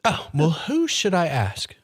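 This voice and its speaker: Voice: mid-range voice, wildly swooping pitch, a little slow, husky, soft background music, heavily acted. A game master voicing a breezy caged satyr. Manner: cheerful, breezy, self-assured. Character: optimistic caged male satyr. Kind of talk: tabletop role-play voicing.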